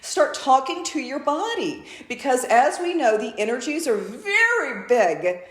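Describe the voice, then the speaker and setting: Woman spiritual channel: effusive and repetitive, with a swooping, expressive pitch, recorded in an echoey room. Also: measured pace. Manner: speaks as a collective "we", repetitive and effusive.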